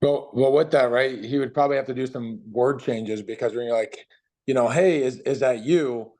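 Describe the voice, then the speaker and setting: A man in a sales training group, sharing a thought in a relaxed, slightly hesitant way. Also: mid-range voice, fairly quick, rough recording. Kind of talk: casual group discussion.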